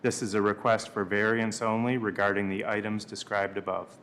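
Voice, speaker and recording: Male board member reading a notice, low and measured, light background rumble. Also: little pitch movement, fairly bright tone. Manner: measured, stumbles on words.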